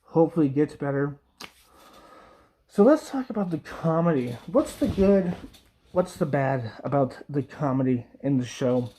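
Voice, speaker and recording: A man's voice: on the high side, expressive, measured pace, warm tone. A young man giving a casual, rambling review, with lots of fillers and little laughs. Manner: rambling, frequent fillers, laughs, mock quoting voices. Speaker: video reviewer.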